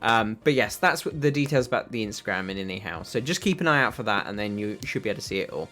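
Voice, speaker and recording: A man's voice: lowish voice, expressive, quick pace, pushed and bright, soft background music. Chatty British man hosting a livestream. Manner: rambling, filler-heavy, answers chat questions. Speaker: livestream host reading chat. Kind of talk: casual livestream chat.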